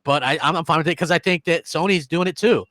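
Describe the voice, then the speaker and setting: A man's voice: fairly high pitch, quick pace, a bit bright, dry recording. A man co-hosting a casual gaming podcast, opinionated and emphatic, often repeating himself. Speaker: podcast co-host.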